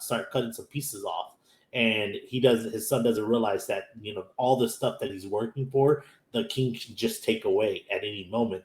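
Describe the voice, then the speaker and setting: Easygoing American man in an echoey room. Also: lowish voice. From Houston, Texas. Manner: loose storytelling full of "like" and "you know", acting out characters' lines. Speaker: anime podcast host. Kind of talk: casual episode recap. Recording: roomy echo.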